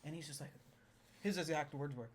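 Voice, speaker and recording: A woman's voice: deep voice, a little fast, slight background noise. A woman co-hosting a podcast, gushing and laughing often in casual chat about a show. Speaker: podcast co-host.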